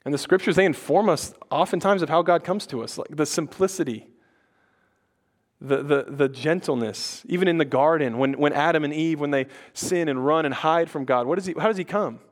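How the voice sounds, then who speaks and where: A young male pastor giving a loose, conversational sermon. His voice sits a little higher than most men's. He talks casually, full of "like" and quick restarts. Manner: casual and chatty, with frequent "like" and stuttered restarts.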